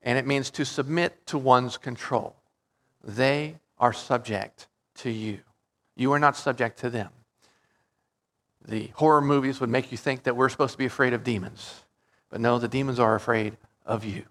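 A man preaching a Bible-teaching sermon, stressing key words with loud drawn-out peaks and checking in with "okay?" and "right?". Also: medium pitch, steady tone. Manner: explains Greek word meanings, frequent "okay?" and "right?".

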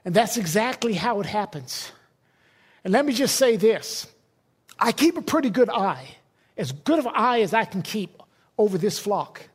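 A man's voice: high-pitched, sing-song, normal speed, slightly rough. A middle-aged man, a pastor, preaching a sermon in a conversational, emphatic way with personal stories.

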